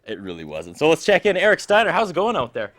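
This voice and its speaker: A man's voice: a little high, wildly swooping pitch, quick pace, background noise. A man co-hosting a New Year's Eve TV show, bantering in a comedic, playfully exasperated way. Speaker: TV show co-host.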